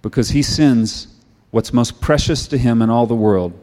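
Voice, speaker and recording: Man, middle-aged, preacher, sermon, conversational storytelling, earnest prayer, average pitch. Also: moderate pace, a little mellow.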